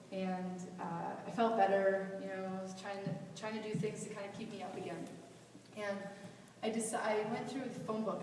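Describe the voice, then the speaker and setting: A woman's voice: mid-range voice, darkish tone. A young woman telling a personal story at a youth event, in a candid, rambling way full of "like" and restarts. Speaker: motivational speaker. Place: large hall at a youth event. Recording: echoey hall, distant mic, faint hiss.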